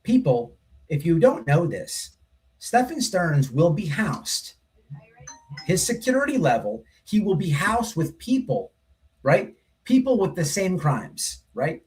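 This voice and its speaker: Speaking slowly in a slightly high, darkish voice, this very animated man hosts a livestream and rambles through a blunt story packed with swearing. He repeats himself and keeps tossing in "right?" in a casual storytelling monologue.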